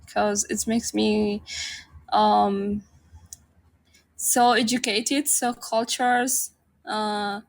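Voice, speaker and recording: A woman's voice: mid-range voice, little pitch movement, drawn-out words, gravelly, pauses often. A woman whose first language is Arabic, a guest in a casual interview, speaking English hesitantly with many fillers.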